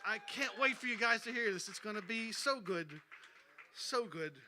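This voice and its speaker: A man's voice: high voice, expressive, moderate pace, pushed and bright, slight background noise. A man hosting an open mic, upbeat and hyping up the next acts from a small club stage. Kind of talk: stage emcee announcements.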